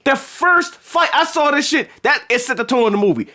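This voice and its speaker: A man reviewing a film in casual chat, animated and profane, acting out scenes in slangy speech. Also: extremely high pitch, fairly quick. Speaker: movie reviewer.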